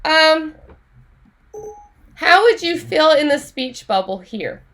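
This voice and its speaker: A woman teaching an online Spanish class in a chatty, animated way, laughing often. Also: high voice, slow pace.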